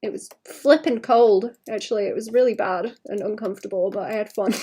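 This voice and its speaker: A woman's voice: fairly high pitch, moderate pace, mellow, husky. Chatty woman sketching on stream. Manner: chatty, rambling, talks to chat between drawing. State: slight cough. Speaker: livestreaming illustrator. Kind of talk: casual chat while drawing.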